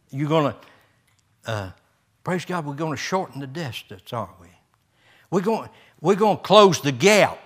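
A man's voice: mid-range voice, a bit bright. An older man, a pastor preaching a folksy sermon with homespun stories, chuckles and rising emphasis.

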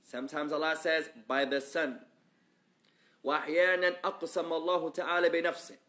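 Male Islamic teacher, fast talker, higher-pitched voice, reads Arabic and translates it, asks rhetorical questions. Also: little pitch movement, bright, forceful tone. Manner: reads Arabic quickly, explains in English more slowly. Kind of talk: religious lesson, reading Arabic then translating to English.

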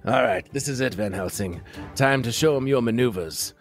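A man's voice: medium pitch, moderate pace, soft background music, lightly acted. A man voicing a bold, bumbling male monster hunter in a tabletop game, grandiose and jokey.

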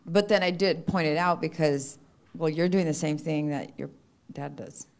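A woman's voice: deep voice, moderate pace, creaky, darkish tone. A woman in a church gathering asking the pastor a question, hesitant and full of restarts.

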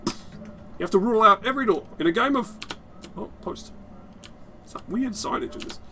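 A man's voice: high voice, lively intonation, moderate pace, noisy background. A young adult man giving rambling, sweary let's-play commentary, laughing often. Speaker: game streamer.

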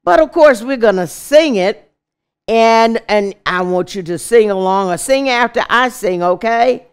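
Slow, clear-voiced woman storyteller. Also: fairly high pitch, animated. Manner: slow, warmly inviting, leads call-and-response. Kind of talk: storytelling for children.

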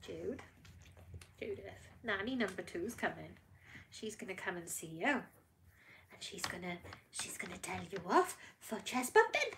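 A British woman filming a casual vlog at home, talking to her dogs in soothing baby talk that often drops to a hush. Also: mid-range voice, sing-song, a little slow, background noise. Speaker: dog breeder filming her dog's labour. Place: at home indoors.

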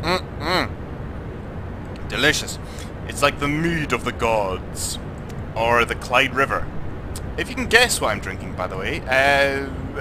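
A Scottish man, drunk, giving rambling, excitable let's play commentary as a gaming channel host and swearing a lot. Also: medium pitch, noisy background.

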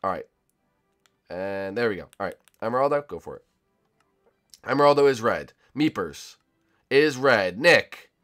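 A young gaming YouTuber with a sore throat speaks a little slowly in a fairly low voice, with long pauses and soft music in the background. He gives excitable, jokey commentary on a hide-and-seek game with friends, shouting and laughing.

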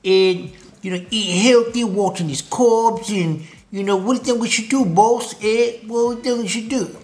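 A man voicing a crew of gangster fat cells and their boss, in a mock Italian accent, wheedling and mock-tough with drawn-out "eh?"s. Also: sits high, darkish tone, pitched above the performer's own voice.

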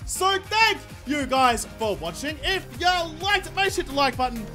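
A man commentating his own gameplay, swearing and ranting excitably at the game. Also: very high-pitched, moderate pace, soft background music. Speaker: gaming YouTuber.

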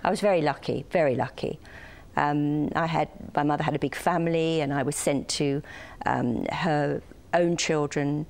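Older woman, UK-raised, low voice, gentle and hesitant interview guest. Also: normal speed, gravelly. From United Kingdom. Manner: soft-spoken, hesitant with many ums.

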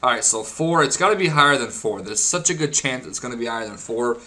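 A young man giving casual, crude gameplay commentary, excitable and quick to swear. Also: medium pitch. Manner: excitable and crude, swears often, laughs and shouts at wins. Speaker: gaming video creator.

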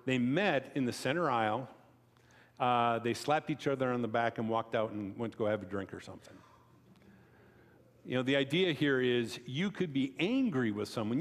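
In a church sanctuary with the long reverb of a church hall, a preacher gives a conversational sermon, telling stories and making chatty asides to the congregation. He acts out quoted voices with sharp jumps in pitch.

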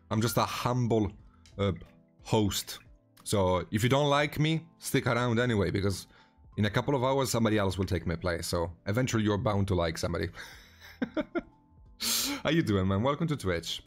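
A man hosting a casual live stream while painting miniatures, greeting viewers by name in a relaxed way with frequent restarts. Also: on the low side, normal speed, faint music behind.

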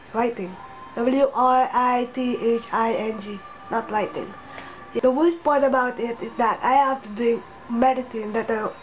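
Young woman, sick with flu, nasal, rambling vlog, halting, fairly high voice. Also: a little hiss or hum, poor audio. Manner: rambling, halting, low-energy. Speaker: vlogger.

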